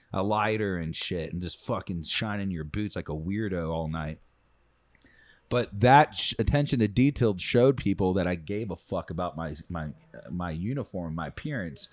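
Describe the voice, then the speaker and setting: A man co-hosting a podcast, telling a story in casual chat, swearing freely and bursting into loud quoted voices. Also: lowish voice, no echo. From United States. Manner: profane, animated storyteller, loud acted quotes. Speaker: podcast co-host.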